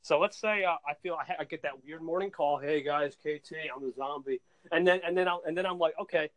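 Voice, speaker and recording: A young man chatting excitedly on a podcast, laughing and repeating words as he tells stories. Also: on the high side, fast talker, low-quality recording. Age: young adult. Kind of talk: casual chat.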